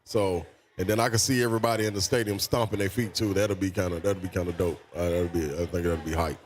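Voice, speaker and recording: A man co-hosting a sports radio show, agreeing easily and talking in relaxed slang. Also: low-pitched, fast. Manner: laid-back, agreeable, slangy. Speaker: radio co-host.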